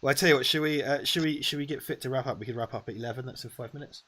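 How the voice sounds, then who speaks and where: A man's voice: mid-range voice, rapid-fire, fairly bright tone. A man co-hosting a casual live stream, swearing freely, a bit tipsy, reading out viewer messages. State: has been drinking. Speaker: co-host. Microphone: lavalier mic.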